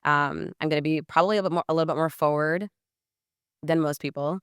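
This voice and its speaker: A woman's voice: low-pitched, brisk, clear, resonant tone, no echo, studio quality. A woman talking as a guest on a podcast interview. She is blunt, swears freely and says "like" a lot. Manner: acts out messages in lively quoted voices. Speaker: podcast guest, sales coach. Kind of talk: casual podcast interview talk.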